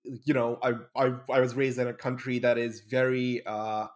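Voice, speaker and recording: A man's voice: mid-range voice, level tone, moderate pace. Rambling young man from Bahrain. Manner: rambling, many fillers and restarts. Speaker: podcast guest. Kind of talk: casual conversation.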